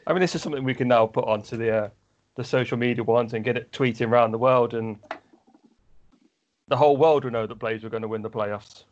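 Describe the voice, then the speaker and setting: A man's voice: mid-range voice, fast talker. Teasing male podcast host, dull lo-fi sound. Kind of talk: casual podcast interview. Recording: dull lo-fi audio.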